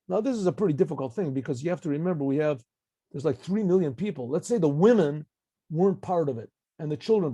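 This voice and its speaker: A man teaching a Torah class as a rabbi, reading Hebrew phrases, translating and explaining them in a lively lecture with frequent restarts. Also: on the high side, no room sound. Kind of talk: lecture with commentary.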